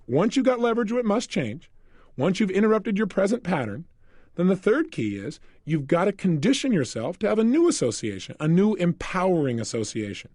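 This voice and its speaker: Fast, lively male motivational speaker. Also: sits high, no room sound, studio quality. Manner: energetic storytelling, asks listeners questions. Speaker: self-help speaker. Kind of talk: recorded motivational lecture.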